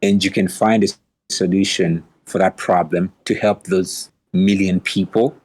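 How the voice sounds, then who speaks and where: A man's voice: sits low, steady tone, unhurried, a little mellow. A man who is a guest in a casual podcast chat, giving earnest advice and agreeing often. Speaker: guest entrepreneur.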